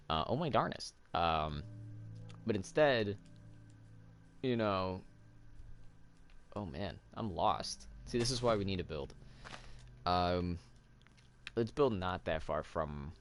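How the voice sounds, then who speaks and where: A man's voice: sits low, expressive, measured pace, pauses often. A man casually chatting while playing a game, rambling with lots of fillers and little laughs. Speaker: let's play host. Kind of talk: casual gameplay commentary.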